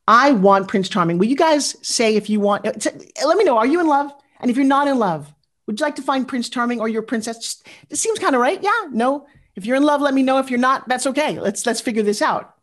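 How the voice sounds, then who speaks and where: A woman in her fifties giving a motivational speech, animated and confessional, talking straight to her audience and asking for their replies. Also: medium pitch. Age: 50s. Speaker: motivational speaker.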